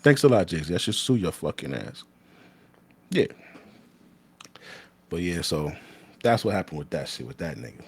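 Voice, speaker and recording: A man's voice: deep voice, sing-song, normal speed, pauses often, a little mellow, husky. A man, a former corrections officer telling a story in casual, blunt, profane talk that often restarts mid-sentence.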